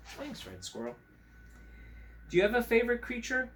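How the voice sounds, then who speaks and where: A man reads a picture book aloud for children, with a very lively, sing-song voice that leaps all over the scale. He sounds playful and gently teasing as he chats with his puppets between pages. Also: a little high, a little fast. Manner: animated, playful, warmly teasing. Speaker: teacher reading picture books. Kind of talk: children's story-time reading and puppet chat.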